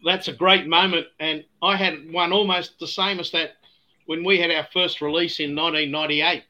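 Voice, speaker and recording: An older Australian man tells stories in an easygoing chat. His voice is bright and forceful and sits a little high. He laughs often and stumbles over repeated words. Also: fairly even intonation, moderate pace, dull audio. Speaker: guest distiller. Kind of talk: casual storytelling chat.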